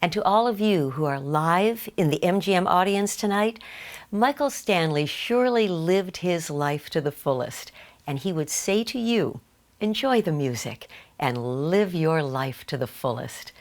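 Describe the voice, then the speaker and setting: A woman, once a TV co-host, tells a personal anecdote in an earnest, storytelling way. The tribute is scripted, and her voice sits a little low. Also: animated, measured pace. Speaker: former TV co-host.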